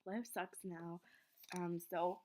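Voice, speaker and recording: A woman's voice: on the low side, fairly even intonation, slow pace, a little mellow, a little hiss or hum. A teenage girl telling an embarrassing story in a rambling, flustered way, often dropping to a whisper. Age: teens. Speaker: vlogger. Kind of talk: casual storytelling vlog.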